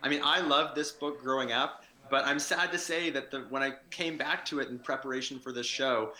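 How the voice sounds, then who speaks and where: A man's voice: medium pitch, brisk, sharp tone. A man who teaches kindergarten, chatting on a book podcast with a wry, self-deprecating manner. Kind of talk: casual book discussion.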